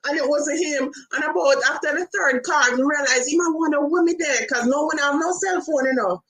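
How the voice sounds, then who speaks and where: High-voiced Jamaican woman telling a tale. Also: fairly quick, fairly bright tone. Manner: laughing, patois storytelling. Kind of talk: casual storytelling chat.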